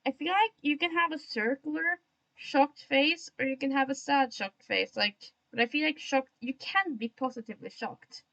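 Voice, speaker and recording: Young woman streamer, self-mocking and chatty, with a slightly high, gravelly voice and dull lo-fi sound. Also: normal speed, fairly bright tone. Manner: admits to an odd put-on tone today. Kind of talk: casual livestream chat while drawing.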